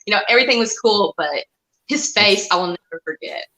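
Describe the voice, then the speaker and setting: A woman guest on a podcast, chatting casually and telling animated stories, often laughing and acting out the voices of people in her stories. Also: medium pitch, fairly quick, reverberant, a little hiss or hum, poor audio. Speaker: guest, cat and reptile breeder.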